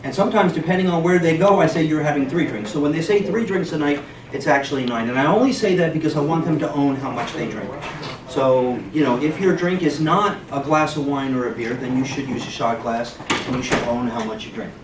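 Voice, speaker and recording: A man's voice: a little high, fairly quick, background noise. Man lecturing in an echoey hall. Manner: joke-telling, conversational lecturing. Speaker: physician speaker. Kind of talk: medical conference talk. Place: hospital conference room. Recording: echoey room, distant mic.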